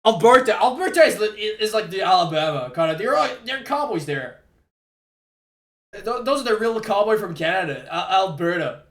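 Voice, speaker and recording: A young man from Quebec with a Québécois French accent, chatting on a live stream, excitable and stammering, laughing often. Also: high voice, normal speed. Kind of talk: casual live-stream chat. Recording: echoey room with faint music.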